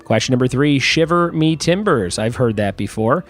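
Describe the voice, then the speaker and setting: A man hosts a casual trivia podcast in a playful, jokey tone. He stretches out the quiz terms slowly and clearly, then riffs off-script. Faint music sits under his voice. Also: medium pitch, animated.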